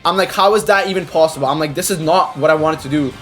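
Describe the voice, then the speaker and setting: Fast-talking teen guy with slangy rambling. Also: a little high, soft background music. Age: teens. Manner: slangy, rambling, excitable outbursts. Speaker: gaming creator. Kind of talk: casual chat over gameplay.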